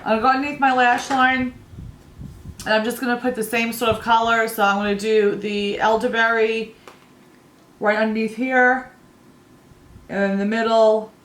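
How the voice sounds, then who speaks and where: A woman's voice: fairly high pitch, level tone, normal speed, pauses often, fairly bright tone, roomy sound. Rambling chatty woman doing her makeup. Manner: rambling, storytelling, laughs at own stories. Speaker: beauty vlogger.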